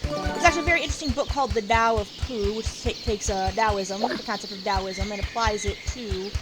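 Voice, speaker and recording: Over loud game music, a woman hosts a let's play, her voice medium-pitched and brisk. She rambles casually and playfully trash-talks the game's enemies.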